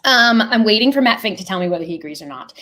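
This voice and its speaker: A woman walks viewers through a software demo live, talking casually and quickly getting excited. Her pitch sits in an ordinary middle range, and she gushes freely, dropping the odd swear. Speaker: logistics software founder and host. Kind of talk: live product demo chat.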